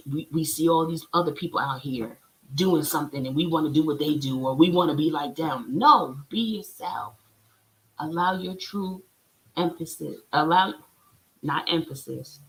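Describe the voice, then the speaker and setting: A woman's voice: fairly low pitch, a bit bright, low-quality recording. A woman, a spiritual healer, talking casually on a live stream as she reads oracle cards and gives chatty, preachy encouragement.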